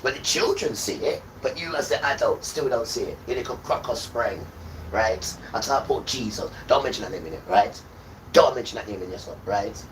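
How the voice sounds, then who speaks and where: A man's voice: medium pitch, animated, brisk. Scolding man, distant noisy mic. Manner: scolding, repetitive, hurls insults. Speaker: livestream host. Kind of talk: ranting sermon-like monologue. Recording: distant mic with loud background noise.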